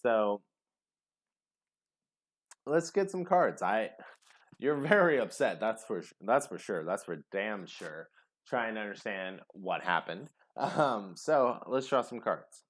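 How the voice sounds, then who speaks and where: A man giving a casual tarot reading to camera, chatty and expressive, who gets caught up in his feelings. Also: medium pitch, takes it slowly. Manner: expressive, chatty, gets emotional, many ums. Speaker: tarot reader.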